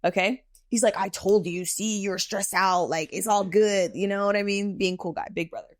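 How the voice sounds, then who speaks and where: Woman in her thirties, tattoo artist guest, animated storyteller, casual podcast talk, mid-pitched voice, dry close sound. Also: normal speed, dry recording. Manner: animated storyteller, frequent "like" and "okay?".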